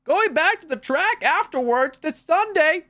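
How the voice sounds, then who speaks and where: Guy putting on a cheery old walker, squeaky mocking voice, rambling along. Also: expressive, unhurried, pushed and bright, no room sound, heavily acted. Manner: high mocking falsetto impression.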